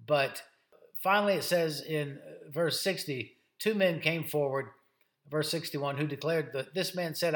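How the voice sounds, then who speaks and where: Male preacher, sermon, emphatic, slightly high voice, echoey room. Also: fairly bright tone. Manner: dramatic, emphatic, slow for effect. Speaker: pastor.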